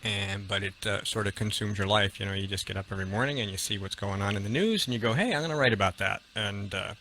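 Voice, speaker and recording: A man's voice: fairly low pitch, fairly even intonation, fast, sharp tone. A man in his fifties from western New York, a guest on a radio talk show, easygoing and matter-of-fact, with frequent ums and restarts. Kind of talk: casual radio interview. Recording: AM radio broadcast with faint noise.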